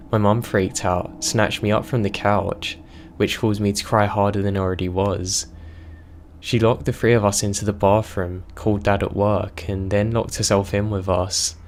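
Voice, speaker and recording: Man, low voice, horror story narrator, steady measured reading, scripted. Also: slight background noise. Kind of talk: scripted narration of reader-submitted horror stories.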